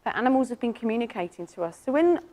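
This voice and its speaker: An animal communicator, giving a lively, enthusiastic presentation and telling stories about pets to an audience. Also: female voice, rapid-fire. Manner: animated, enthusiastic storytelling with sudden jumps up in pitch.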